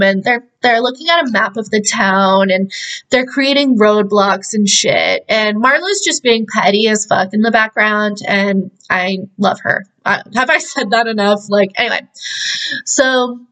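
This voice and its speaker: A woman's voice: medium pitch, a bit bright. A woman casually recapping a film as a podcast host, rambling, swearing freely and using "like" constantly. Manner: rambling and profane, heavy use of "like". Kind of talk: casual chat.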